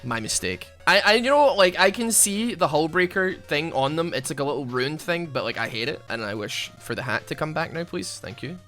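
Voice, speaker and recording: A young gaming YouTuber gives casual commentary over his gameplay in a bright, edged voice that sits on the high side, talking briskly and expressively with few pauses. He drifts between thoughts, mocks himself, and sometimes yells loudly at what's happening on screen, all over soft background music.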